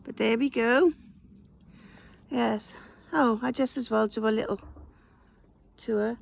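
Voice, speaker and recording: A woman's voice: fairly even intonation, takes it slowly, gravelly, long pauses. A woman chatting casually to her geese and the camera while working outdoors in a garden, filmed on a phone. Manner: chatty, teasing the geese in a high singsong. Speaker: smallholder vlogger. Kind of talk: casual chat to animals and camera. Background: geese honking.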